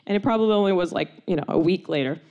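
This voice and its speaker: A young woman telling a long personal story, animated and laughing often, with many "like"s and quoted voices. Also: lowish voice, very fast, lo-fi sound.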